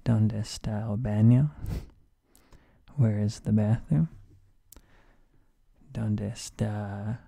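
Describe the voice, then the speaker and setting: A man in a whispered role-play as a Spanish teacher, soft and sleepy, slipping in deadpan jokes, hoarse from a sore throat. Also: lowish voice, takes it slowly, long pauses, no echo, clean studio sound. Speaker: streamer playing a Spanish teacher.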